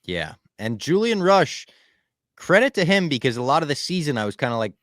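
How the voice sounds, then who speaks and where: A man's voice: a little high, very animated, brisk, a bit bright, dry recording, clean studio sound. A young man co-hosting a podcast in casual chat, animatedly recapping scenes and acting out lines. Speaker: podcast co-host.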